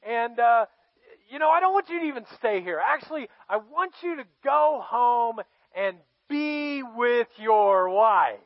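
A man voicing a scheming king who sounds smooth and falsely friendly, talking in casual modern slang. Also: very high voice, animated, a little slow, dry recording, voice pushed up, heavily acted. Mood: fawning. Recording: dull, dry sound.

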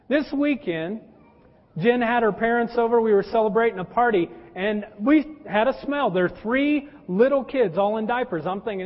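High-voiced folksy pastor preaching. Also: male voice, expressive, moderate pace. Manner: folksy, addresses listeners as folks; personal anecdotes and humor. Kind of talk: conversational sermon. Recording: dull lo-fi with long hall reverb.

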